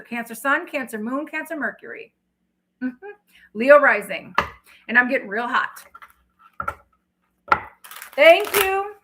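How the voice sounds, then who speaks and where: A woman's voice: high voice, sharp tone, low-quality recording. Blunt, profane woman tarot reader. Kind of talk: casual livestream talk.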